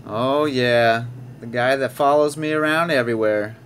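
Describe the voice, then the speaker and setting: Here a man opens sports card packs, talking casually in a medium-pitched, slightly bright voice at a moderate pace, with a little hiss or hum. Chatty throughout, he reads the card names out and chuckles from time to time.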